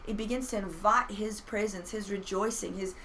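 A woman who has been a pastor, telling personal faith stories in an earnest, animated way with playful self-mockery. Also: mid-range voice, moderate pace, slight background noise, rough recording. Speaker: pastor and podcast guest. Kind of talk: casual faith conversation.

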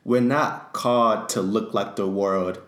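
A man's voice: on the low side, fairly even intonation, measured pace, a bit bright. A man co-hosting a faith discussion, talking in an earnest, teaching way. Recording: echoey room.

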